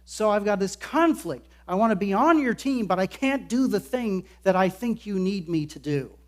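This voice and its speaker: A man voicing a conflicted male disciple who pleads his case emphatically, in a raised, loud voice. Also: sits high, lively intonation, moderate pace, voice pushed up. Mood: earnest pleading.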